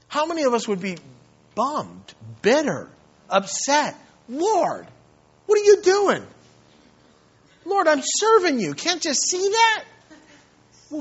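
A man's voice: sits high, dull audio. A man preaching a sermon in a church, earnest and emphatic, often repeating his words and pressing his listeners with questions. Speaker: pastor.

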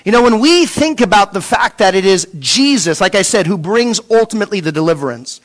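A man preaching a sermon, asking rhetorical questions and repeating words as he restarts, dropping from a raised voice to a hush. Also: high voice, lively intonation, a little fast. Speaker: pastor.

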